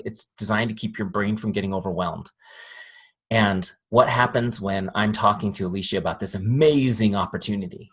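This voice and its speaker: A man giving a live sales training talk, lively and questioning the audience. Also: on the low side, husky. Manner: lively, acts out quoted voices, asks audience questions.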